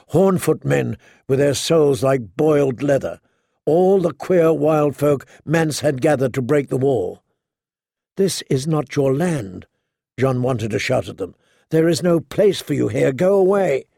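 A man narrates an audiobook with a gravelly, slightly raised voice. He reads slowly and deliberately in a measured, dramatic manner. The sound is dry and close, from a studio mic. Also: medium pitch, darkish tone, dry recording. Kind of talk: scripted narration.

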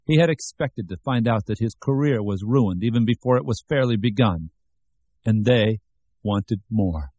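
A man narrating an audiobook with measured, even storytelling. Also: lowish voice, slightly rough, no room sound. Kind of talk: scripted narration.

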